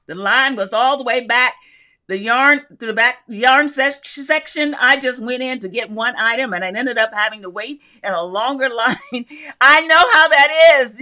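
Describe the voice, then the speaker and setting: A woman's voice: on the high side, bright, forceful tone. A woman hosting a casual live craft stream, greeting viewers by name and reading their comments aloud in a chatty, upbeat way with frequent laughs.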